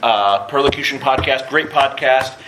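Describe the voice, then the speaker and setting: A man hosting a live podcast at a convention, joking and plugging shows quickly with casual profanity. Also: mid-range voice. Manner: joking, rapid plugs with profanity. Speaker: podcast host. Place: convention room with audience. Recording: live room recording with background noise.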